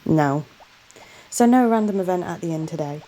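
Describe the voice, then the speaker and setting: A woman's voice: on the low side, animated, moderate pace, mellow, low-quality recording. A woman host doing a chatty voiceover for a game playthrough, often exclaiming in exasperation at herself. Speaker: gaming channel host.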